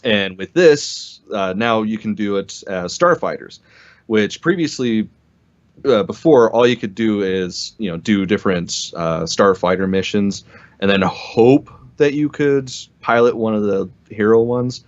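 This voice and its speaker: A man's voice: fairly low pitch, measured pace. A man co-hosting a fan podcast, talking in a laid-back, casual way with some swearing. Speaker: podcast co-host. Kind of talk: casual chat. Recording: dull lo-fi sound.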